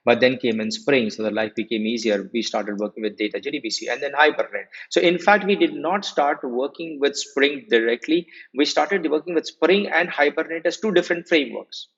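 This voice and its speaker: A man in his forties giving a live technical lecture as a software trainer. He repeats his key points and keeps quizzing the class with checking questions. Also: medium pitch, brisk, hardly any pauses, breathy edge. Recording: muffled lo-fi audio.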